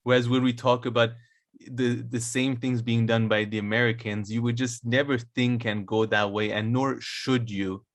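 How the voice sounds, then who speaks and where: A man's voice: mid-range voice, fairly even intonation, moderate pace, dry recording, studio quality. Easygoing male podcast co-host. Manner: laughs often, steers the conversation. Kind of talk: casual chat.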